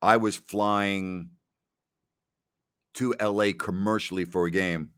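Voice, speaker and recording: A man's voice: deep voice, steady tone, slow pace, a bit bright, clean tone, no echo, clean studio sound. A man hosting a podcast, casually answering listener questions and telling rambling stories, often repeating himself and laughing. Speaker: podcast host.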